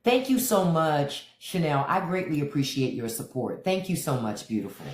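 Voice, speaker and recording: Guy on a phone live, chatty and opinionated, keeps shouting out viewers, kinda echoey room. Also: fairly high pitch, sing-song, normal speed. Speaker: livestream host. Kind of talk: casual political commentary. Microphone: phone livestream. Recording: roomy echo.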